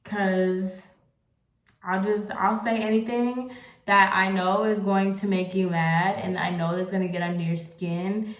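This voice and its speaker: A young woman talks straight to the camera in a loose, confessional ramble, leaning on "like" again and again. Her voice sits at an ordinary middle pitch, and the room around her rings with a noticeable echo. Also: fairly even intonation, unhurried. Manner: rambling, candid, heavy use of "like". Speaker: vlogger. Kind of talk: casual confessional chat. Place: at home, getting ready on camera. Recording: roomy echo.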